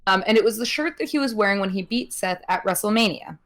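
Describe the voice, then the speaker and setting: A woman's voice: mid-range voice, quick pace. Giggly, chatty woman podcast host. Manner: chatty with many ums, giggles, animated voices in quotes. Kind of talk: casual wrestling recap chat.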